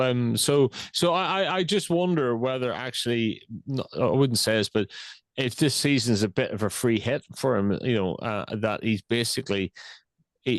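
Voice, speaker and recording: A man's voice: medium pitch, no echo. A man co-hosting a casual football podcast, talking in a hesitant way with frequent restarts and repeated words. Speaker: podcast co-host.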